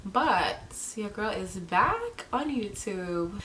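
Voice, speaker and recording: Woman beauty vlogger, bright and chatty, a touch nervous, faint background hiss. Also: mid-range voice, very animated, extremely slow. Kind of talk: casual makeup chat to camera.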